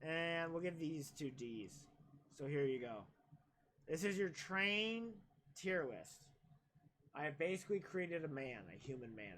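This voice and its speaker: A man's voice: a little high, lively intonation, unhurried, a bit bright. A young man streaming a game, chatting casually in a rambling, crude, joking way. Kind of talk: casual live-stream chat while gaming.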